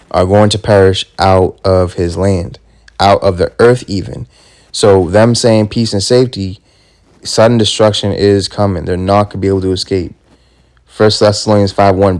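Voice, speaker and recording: A man preaching a fervent sermon, reading scripture slowly and tacking "man" onto his points. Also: fairly low pitch, a little mellow. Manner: emphatic, drops "man" at ends of lines; reads scripture slowly and deliberately.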